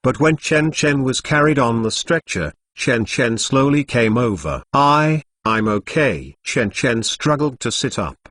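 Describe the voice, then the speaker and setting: A text-to-speech male voice narrating a translated novel in an even, machine-read delivery. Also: mid-range voice, a little slow, hardly any pauses. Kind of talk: synthetic story narration.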